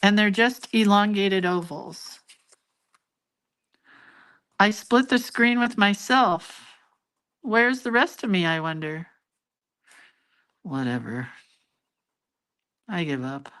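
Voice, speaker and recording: An older woman teaches doodling on a casual live stream. Her voice sits at an ordinary middle pitch. She rambles warmly through each step and laughs off her slip-ups, recorded through a phone or camera mic. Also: slow, long pauses, clean tone. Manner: chatty, self-deprecating, laughs at her own mistakes. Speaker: hand-lettering and doodling teacher. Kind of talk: casual live drawing tutorial.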